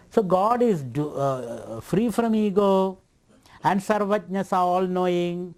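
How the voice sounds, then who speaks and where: Male spiritual teacher at a retreat lecture, bit high voice, laughs a lot, plays devil's advocate. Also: animated, unhurried, darkish tone. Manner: playful, laughing, voicing a doubter's objections.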